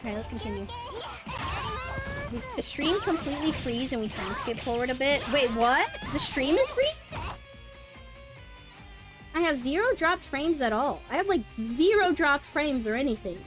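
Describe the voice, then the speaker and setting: A woman's voice: sits high, sing-song, moderate pace. A young woman streaming a game live, chatting loosely and teasing her viewers, swearing freely. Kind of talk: casual live-stream chat. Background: game music.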